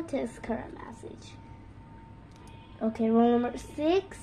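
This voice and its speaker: Woman, high slightly gravelly voice, slow playful pretend-school narration, noisy background. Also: mellow. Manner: switches between teacher and pupil voices. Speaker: toy play narrator. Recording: noisy home recording.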